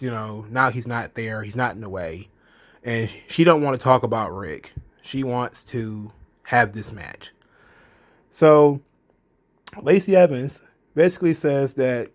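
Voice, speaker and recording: A man hosting a casual commentary vlog, laughing often and talking loosely with profanity. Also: medium pitch.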